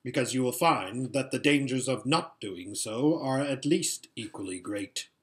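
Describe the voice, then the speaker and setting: A man voicing a shrewd old male emperor who speaks in a dry, measured, sardonic way. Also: medium pitch, close to an everyday voice.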